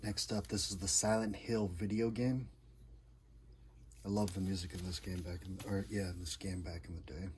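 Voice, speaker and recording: A man's voice: deep voice, level tone, moderate pace, darkish tone. A man casually showing off his record collection in short, laid-back, repetitive comments. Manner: laid-back, repetitive, enthusiastic one-liners. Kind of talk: casual show-and-tell. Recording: noticeable background noise.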